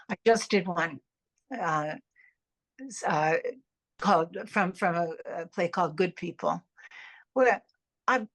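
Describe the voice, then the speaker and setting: An older actress, a guest in an interview, talking in a rambling, animated way with many restarts and repeated words. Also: female voice, on the low side. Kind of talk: casual interview chat.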